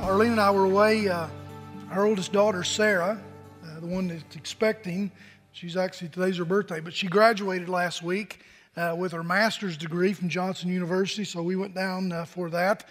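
High-voiced older pastor in a reverberant hall. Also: male voice. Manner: storytelling, conversational, with fillers and asides. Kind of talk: sermon.

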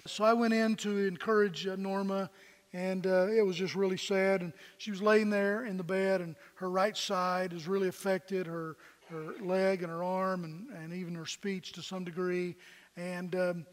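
A man's voice: high voice, a bit bright, long reverb tail. A man preaching a conversational sermon as pastor, talking straight to his congregation with folksy questions. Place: church sanctuary.

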